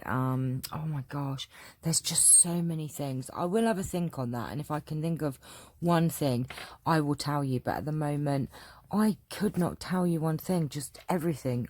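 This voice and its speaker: A chatty English woman answers viewer questions in a relaxed, rambling way, full of fillers and asides. Her voice sits low. The sound is dry and close. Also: dry recording. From England. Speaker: craft channel host. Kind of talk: casual Q&A chat.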